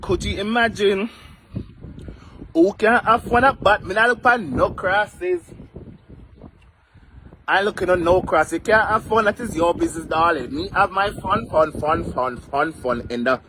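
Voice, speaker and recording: A man's voice: high-pitched, a little slow, noisy background. A man with a Jamaican accent chatting on a live stream from outdoors, playful and theatrical, greeting viewers by name and repeating phrases in a sing-song way. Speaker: vlogger doing a live stream. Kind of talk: casual live-stream chat. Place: outdoors in the rain.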